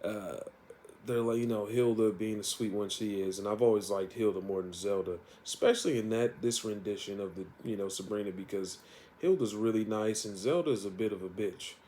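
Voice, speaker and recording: A man's voice: lowish voice, brisk, warm tone, a little hiss or hum. Laid-back man rambling about a comic. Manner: rambling, with many fillers and laughs. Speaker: comic reviewer. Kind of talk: casual comic retelling.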